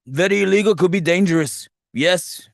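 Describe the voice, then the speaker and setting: A man's voice: high voice, gravelly, dry recording, voice pushed up. Give me a man doing a shady crime boss with clipped broken English, dry close sound. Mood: warning. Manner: halting, clipped, pushy.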